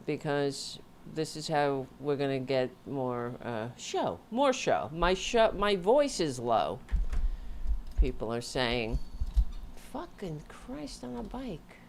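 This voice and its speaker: A tired woman hosts her livestream from home, talking into a desk mic in a low voice. She rambles loosely, breaks off mid-thought and jokes with her viewers. A faint hum of room ambience sits behind her. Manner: rambling, self-interrupting, joking. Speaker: host of a livestream show. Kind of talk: casual livestream chat. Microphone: home mic with audio interface.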